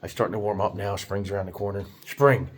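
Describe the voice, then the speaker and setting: A man's voice: on the low side, completely flat delivery, very fast. A man from South Jersey with a South Jersey accent, rambling to camera in a casual vlog, chuckling often and restarting sentences. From South Jersey, United States. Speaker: vlogger.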